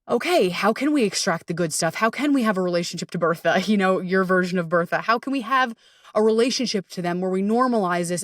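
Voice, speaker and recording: Woman podcast host, solo chat, candid and sweary, mid-pitched voice, dry close sound. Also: dry recording. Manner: chatty and candid, swears freely, acts out inner voices. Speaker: podcast host and anxiety coach. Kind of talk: casual solo podcast monologue.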